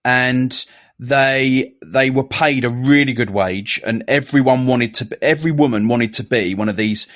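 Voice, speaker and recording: A man's voice: mid-range voice, a little slow, fairly bright tone. Rambling British man telling stories. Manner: rambling storyteller, joking and swearing. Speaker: podcast co-host. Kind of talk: casual chat.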